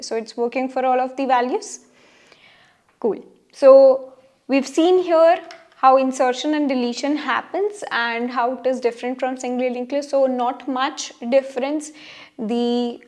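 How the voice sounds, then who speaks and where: A young woman walks through programming concepts patiently, one step at a time. Her voice sits fairly high, and she speaks slowly and deliberately, often pausing to check that the listener is following. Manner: patient step-by-step explanation with frequent "right?" and "okay". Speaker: programming instructor. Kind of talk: explaining code while coding on screen.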